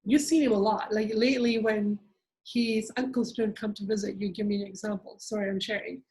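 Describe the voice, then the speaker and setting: A woman's voice: medium pitch, fairly even intonation, fairly quick, darkish tone, poor audio. A woman leading a group therapy session, coaching members in a direct, emphatic way.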